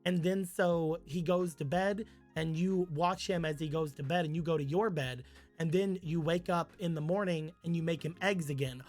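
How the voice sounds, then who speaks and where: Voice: mid-range voice, steady tone, normal speed, a little mellow, faint music behind. A streamer casually telling a rambling, crude made-up story on a live stream, with many "like"s.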